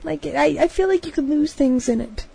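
A woman's voice: high-pitched, animated, moderate pace, creaky, dark tone. A woman co-hosting a casual comedy podcast, giggly and silly, full of wordplay and goofy voices. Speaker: podcast co-host.

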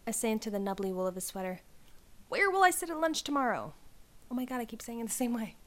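Woman narrator, slightly high voice, hoarse, casual, self-mocking outtakes. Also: animated, moderate pace, long pauses. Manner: reads first-person prose, retakes lines, laughs at her slips. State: hoarse, clearing her throat. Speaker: audiobook reader and author. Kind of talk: story reading with outtakes.

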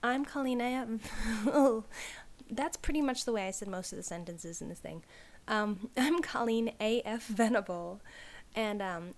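An audiobook reader who is also the author reads her own first-person prose, hoarse and clearing her throat. Her voice is fairly high and unhurried, and she retakes lines and laughs at her slips, so the story reading includes outtakes.

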